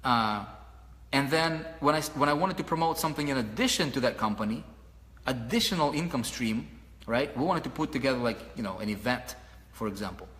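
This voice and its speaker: Man, motivational talk, mid-pitched voice, repeats himself, quizzes listeners, paces while speaking, reverberant room. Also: brisk. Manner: animated, repeats himself, asks listeners questions; paces around while talking. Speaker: online marketing mentor.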